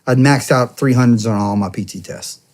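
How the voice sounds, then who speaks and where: An American man in his thirties, a former soldier and police officer appearing as a podcast guest, tells a long, casual, rambling story in an interview. His mid-range voice is slightly mellow at normal speed, and his telling is packed with "I'm like" and quoted back-and-forth dialogue.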